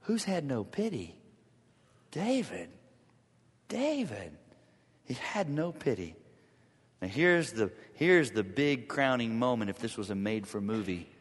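A man preaching a sermon, reading scripture aloud and swinging from loud to hushed for drama. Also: mid-range voice, sing-song, a little slow, long pauses, breathy edge, big-room sound. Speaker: pastor.

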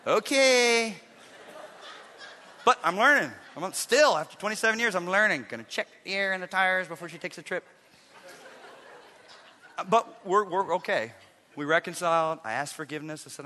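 Man, middle-aged, preaching, bright forceful tone, swings loud to hushed, long church reverb. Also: high voice, moderate pace, long pauses, slight background noise. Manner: animated, swings from loud emphatic to hushed and intense. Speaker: pastor. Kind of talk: sermon.

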